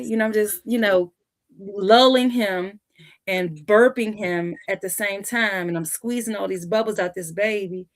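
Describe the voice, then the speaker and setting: Woman, lively storyteller, medium pitch, acts out voices. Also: moderate pace. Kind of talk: casual storytelling.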